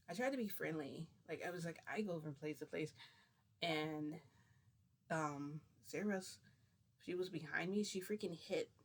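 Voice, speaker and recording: An adult vlogger telling a story in casual chat, rambling and excitable with many fillers and restarts. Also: mid-range voice. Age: adult, parent.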